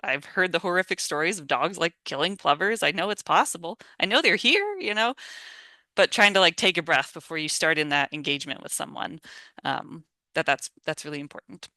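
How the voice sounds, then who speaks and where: A chatty volunteer trainer talks casually through an online session over a video call microphone. The voice is bright and forceful, and the sound is dry and close. The trainer laughs easily and slips into little acted sample lines. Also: mid-range voice, lively intonation, a little fast, no echo. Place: home or office on a video call.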